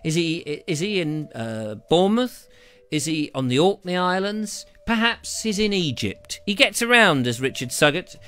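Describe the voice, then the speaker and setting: A man's voice: a little high, big pitch swings, moderate pace, bright, forceful tone, clear, resonant tone. A British man hosting a live stream, chatting in a jokey, rambling way as he reads out viewer comments on a lavalier mic. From Britain. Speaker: host of a live show.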